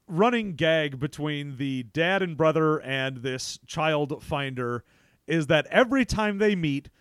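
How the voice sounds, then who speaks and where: A man co-hosting a casual movie recap chat, animated and acting out lines in funny voices. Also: fairly high pitch, a little slow, clean tone, no room sound, studio quality. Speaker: podcast co-host.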